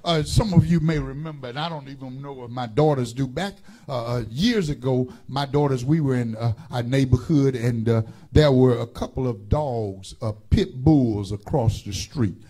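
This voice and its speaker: A man's voice: medium pitch, normal speed, hardly any pauses, mellow. A man preaching a sermon as pastor, calling on the congregation to repeat words and telling stories with many fillers and restarts. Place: church.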